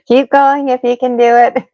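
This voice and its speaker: A voice and breathing teacher leads an unscripted guided vocal exercise, her high voice steady, slow, and a little mellow. She encourages her listener, laughs often, and draws out vowel sounds, with no room sound audible.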